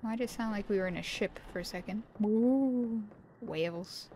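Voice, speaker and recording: A woman chats and jokes through a horror game on a live stream, talking back to the characters. Her voice sits at a middle pitch. A clear bed of game ambience runs under everything she says. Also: fast talker, slight background noise. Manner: playful, chatty, talks to the game characters and puts on silly voices. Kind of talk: casual live-stream commentary. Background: game sound ambience.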